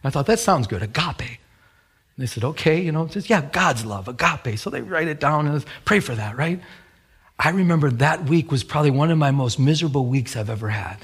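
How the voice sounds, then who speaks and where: A middle-aged man, a pastor, preaching a sermon in church with animated storytelling and acted-out quotes. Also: on the high side, fairly quick, breathy edge. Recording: radio broadcast of a sermon.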